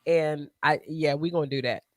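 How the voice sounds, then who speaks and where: A man's voice: fairly high pitch, fairly even intonation, normal speed. A man co-hosting a podcast in loose, rambling casual chat. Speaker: podcast co-host.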